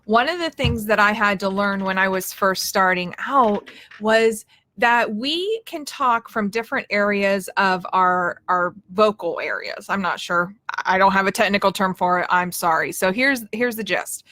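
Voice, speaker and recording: A woman's voice: mid-range voice, a little slow, sharp tone, no room sound. A woman leadership coach giving a casual, friendly talk about speaking skills, directly addressing her viewers. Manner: friendly, direct, conversational with small restarts.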